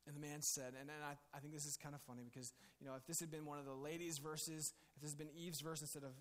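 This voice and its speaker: A man's voice: fairly high pitch, flat delivery, racing, in a large hall. A male pastor giving a conversational, jokey sermon with many restarts.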